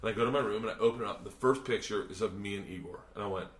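A man hosting a podcast, telling a long story in casual chat, swearing a lot and rambling with animated energy. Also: fairly low pitch, racing. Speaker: podcast host and comedian. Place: hotel room. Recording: roomy hotel room echo.

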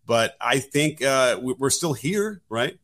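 A man co-hosts a political podcast, speaking casually and wryly with frequent restarts and hedges. His medium-pitched voice is expressive and fairly bright in tone, and he talks at a slow pace.

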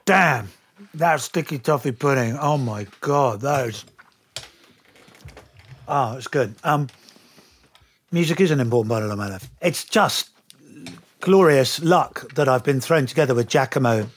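A middle-aged English actor telling animated stories and laughing easily over a relaxed lunch interview. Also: male voice, medium pitch, unhurried, long pauses, breathy edge. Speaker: guest actor.

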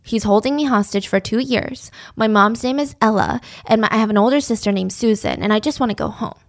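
A woman's voice: a little high, very animated, a little fast, creaky. A woman voicing a frightened kidnapped girl. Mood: pleading.

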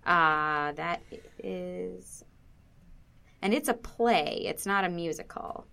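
Bright-voiced chatty woman podcaster. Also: on the low side, takes it slowly, gravelly. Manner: chatty, rambling with many fillers and restarts. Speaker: podcast co-host. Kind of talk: casual chat.

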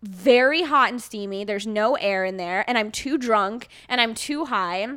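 A woman guest on a podcast, telling a story in casual chat, animated and laughing often, with casual swearing. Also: mid-range voice, unhurried, clear, resonant tone.

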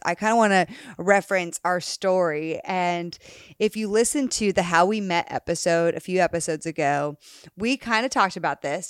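A woman's voice: lowish voice, clear, resonant tone, no echo, studio quality. Upbeat woman hosting a dating podcast. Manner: upbeat, laughs often, talks directly to listeners. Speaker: podcast host. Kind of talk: casual dating podcast chat.

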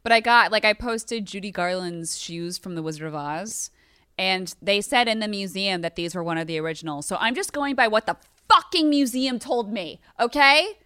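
A woman's voice: medium pitch, lively intonation, moderate pace, pushed and bright, smooth, dry recording, studio quality. A woman in her thirties, a podcast host, ranting in casual chat, emphatic and swearing a lot.

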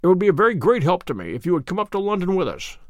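A man reading aloud, voicing a sharp, commanding detective with a crisp, authoritative manner. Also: high voice, very animated, very fast, no echo, studio quality.

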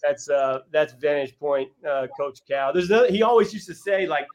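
A young adult man, a college basketball coach, telling heartfelt stories as a podcast guest, earnest and halting with restarts. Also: on the high side, poor audio. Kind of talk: casual podcast storytelling.

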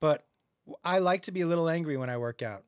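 A middle-aged comedian telling profane stories in a casual podcast chat, laughing often. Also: male voice, a little high, quick pace, smooth, dry recording, studio quality. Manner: animated, profane storyteller who laughs often. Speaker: guest comedian.

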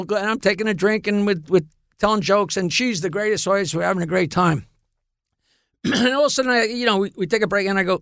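A man telling comic show-business stories in casual chat, animated and laughing through his punchlines. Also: sits high, fairly quick, no room sound, clean studio sound. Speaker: guest comedian. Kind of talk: casual storytelling.

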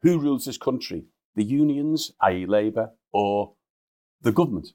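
A man's voice: on the low side, animated, moderate pace, mellow. A man, a guest journalist in a casual chat, chuckling and often restarting his sentences.

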